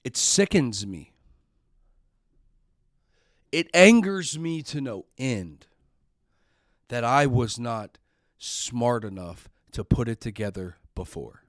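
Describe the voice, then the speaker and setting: A man's voice: mid-range voice, expressive, takes it slowly, pauses often, dry recording, clean studio sound. A middle-aged man hosting a podcast, telling a personal story in an earnest, emotional way and sometimes repeating words when upset. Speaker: podcast host.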